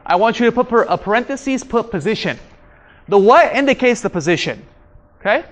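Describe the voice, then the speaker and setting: A man gives live workshop instruction on communication, putting questions to the room and going back over his key points before an audience in a training room. His high voice is expressive and brisk.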